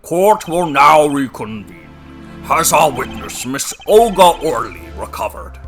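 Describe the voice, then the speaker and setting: A man's voice: fairly high pitch, very animated, measured pace, a bit bright, faint music behind, full character voice. A man voicing a formal judge presiding in a game courtroom. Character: elderly male judge.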